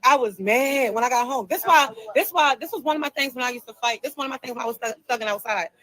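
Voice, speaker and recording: A woman with a high, bright, forceful voice speaks on a casual live stream. She tells her story emphatically, repeating herself as she presses each point. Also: rough recording. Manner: emphatic, repetitive, fast storytelling.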